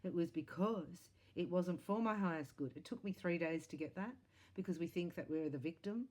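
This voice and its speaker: A psychic tarot reader with a low, mellow female voice speaks at normal speed. Her delivery is animated and sing-song, with big swings in pitch and loudness, as she offers earnest, encouraging spiritual talk.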